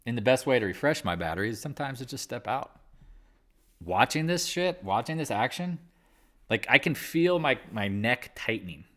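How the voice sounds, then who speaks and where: A man's voice: mid-range voice, lively intonation, brisk, pushed and bright. A man hosting a live market chat, talking candidly and rambling, with casual swearing. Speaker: livestream trading host.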